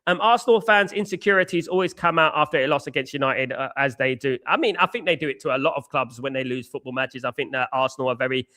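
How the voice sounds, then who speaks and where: A man's voice: medium pitch, quick pace, hardly any pauses, sharp tone. A young man from England, hosting a live football stream and ranting passionately, with mocking jabs at rival fans. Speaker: football channel host.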